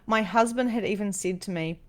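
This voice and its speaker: A woman's voice: mid-range voice, fairly quick. A woman hosting a livestream as a psychic medium, telling a personal story in an emotional, rambling way with lots of ums and restarts.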